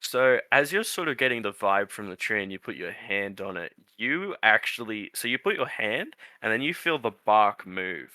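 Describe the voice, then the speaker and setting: A man's voice: lowish voice, lively intonation, normal speed, few pauses, bright, forceful tone, no room sound. A man running a tabletop game as game master, laid-back and self-mocking.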